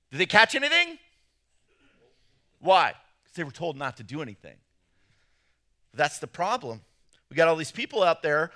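A man preaching a sermon as pastor, telling a story with big swings between loud bursts and hushed moments. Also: a little high.

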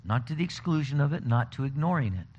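A man preaching a conversational sermon, telling stories in an animated way. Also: medium pitch, quick pace. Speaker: pastor. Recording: dull lo-fi recording with faint noise.

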